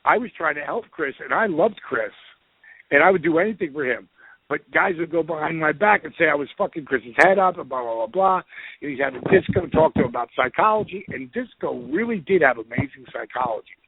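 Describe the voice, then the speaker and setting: A middle-aged man telling a story in a casual, profane, animated way, acting out the quotes. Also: a little high, fairly quick, breathy edge. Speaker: podcast guest. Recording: tinny phone-like line, dry.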